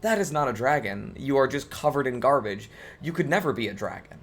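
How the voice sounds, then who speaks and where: A man voicing a pack of farm dogs who mock and jeer, scornful and loud. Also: medium pitch, lively intonation, a little fast, close to an everyday voice. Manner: scornful, jeering. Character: mocking pack of farm dogs, jeering bullies.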